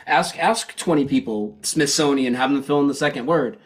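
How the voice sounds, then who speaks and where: A man's voice: mid-range voice, normal speed. A man, a guest on a live stream, talking earnestly and casually, often restarting his sentences as he explains. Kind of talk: casual livestream chat.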